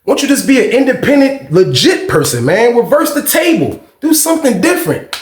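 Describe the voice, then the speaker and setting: A man in his thirties telling a prison story in a loose, profane, animated way, acting out the other people's shouts as he goes. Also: extremely high pitch, a little fast, roomy sound. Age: 30s. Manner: animated, swearing, acts out shouts and screams of others. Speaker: storyteller host.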